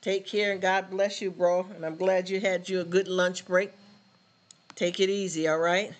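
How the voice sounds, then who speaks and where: Casting: man, live stream host, blunt and animated, high voice, street slang. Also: moderate pace. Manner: animated, blunt street talk, repeats words. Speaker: livestream host. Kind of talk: casual live stream chat.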